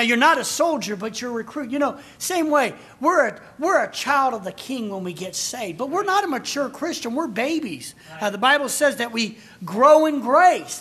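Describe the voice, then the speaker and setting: A man's voice: very high-pitched, sharp tone. A man preaching a sermon in a church sanctuary with a folksy storytelling manner and frequent asides. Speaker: pastor. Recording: echoey church from far off.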